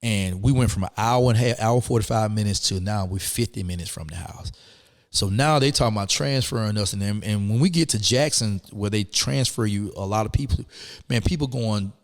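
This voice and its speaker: A middle-aged man, a guest telling his story in an animated, emphatic way, full of "man" and "you know what I'm saying". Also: on the low side, brisk, big-room sound. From Atlanta, Georgia. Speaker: interview guest. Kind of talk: conversational storytelling.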